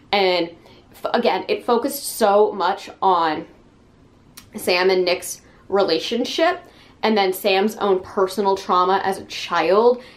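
A young woman giving a frank, casual book review, talking with many fillers and sounding exasperated. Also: mid-range voice.

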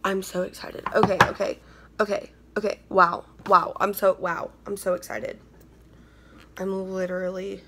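A woman's voice: medium pitch, level tone, normal speed, fairly bright tone. A young woman chatting casually while unboxing beauty products at home, bubbly and gushing, often repeating herself. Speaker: beauty vlogger. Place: indoors at home.

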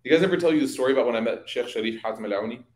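A man giving an evening religious study talk, telling lively stories and speaking directly to his audience. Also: medium pitch, rapid-fire, roomy sound. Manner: lively anecdotal storytelling, addressing audience. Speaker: religious teacher. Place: community hall.

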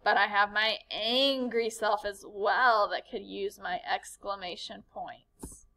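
A woman teaching a writing lesson to young children, expressive and animated as she acts out exclamations. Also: mid-range voice, slow pace. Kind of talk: elementary classroom lesson.

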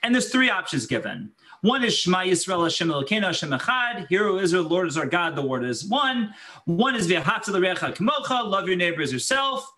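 Animated, bright-voiced rabbi telling a story. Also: male voice, high voice, brisk. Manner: animated, acts out quoted voices, laughs while telling. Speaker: rabbi lecturer. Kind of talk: Torah lecture with storytelling.

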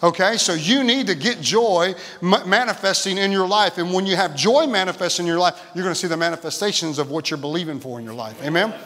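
A pastor preaching a sermon in a church, exuberant, laughing and shouting and calling out to the congregation. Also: male voice, high-pitched, brisk, hardly any pauses. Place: church sanctuary. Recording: church hall reverb.

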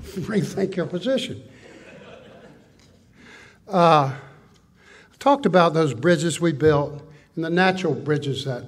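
An older man with a drawl tells stories at a conference, with folksy, animated delivery. His voice is a little husky and sits somewhat high for a man. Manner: folksy, animated storytelling with list-like riffs. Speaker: conference speaker. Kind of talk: conference talk. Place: conference hall.

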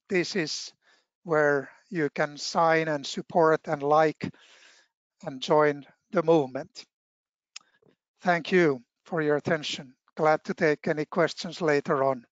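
A man with a slightly high voice presents to a webinar very slowly, pausing often with fillers. The video-call sound is dull and dry. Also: no room sound. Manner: measured, with frequent filler pauses. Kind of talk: formal presentation.

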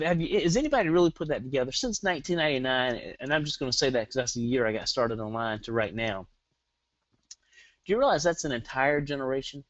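A man's voice: medium pitch, dry recording, dull audio. Hyperactive Southern man on a webinar. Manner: energetic, hyperactive, fires rhetorical questions at the audience. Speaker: online marketing webinar presenter. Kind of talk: live webinar teaching.

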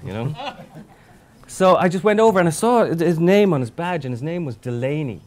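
A man telling a lively anecdote on stage, acting out quoted voices with a light, slightly high voice. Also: a little fast. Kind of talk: storytelling on stage.

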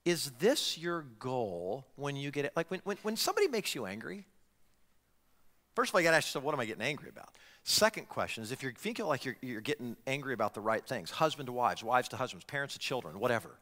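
A man preaching a sermon as pastor, talking in an animated way and putting direct questions to his congregation. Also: mid-range voice, quick pace, long reverb tail. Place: church sanctuary.

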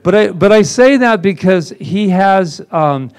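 A man's voice: high-pitched, lively intonation, measured pace, darkish tone, smooth. A man, a reverend, telling a personal story to his congregation in a theatrical, self-mocking way, acting out quoted lines. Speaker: reverend presenting at a spiritual center. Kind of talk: animated storytelling talk.

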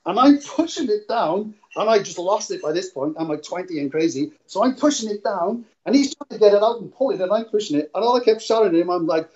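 A man's voice: high-pitched, a little fast. Chatty man telling stories. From Wales. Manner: rambling, laughs often, animated retelling. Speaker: guest, casino dealer. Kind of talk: casual interview storytelling. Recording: dull lo-fi audio.

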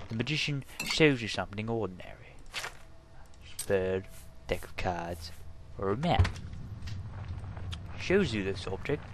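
A man voicing an older English magician narrator in a slow, deliberate monologue, with an attempted English accent. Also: on the low side. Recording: audible background noise.

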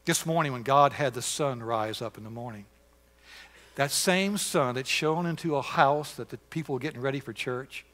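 A man preaching a sermon in a church, telling stories with lively swings between hushed asides and emphatic outbursts. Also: medium pitch, moderate pace. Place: church sanctuary. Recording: church hall with long reverb.

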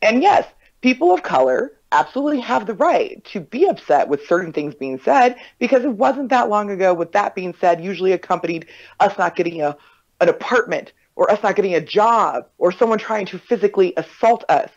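A podcast host who tells stories with a very lively, swooping voice, acting out every quoted exchange. The sound is dull and lo-fi. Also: mid-range voice, brisk. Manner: animated storyteller, acts out quotes. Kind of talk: casual conversation. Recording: dull lo-fi recording.

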